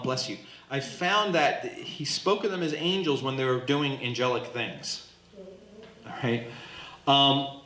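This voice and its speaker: A man leading a Bible study as pastor, teaching in an animated way and acting out the voices in the text to his group. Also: medium pitch. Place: church hall with a small group. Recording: echoey room.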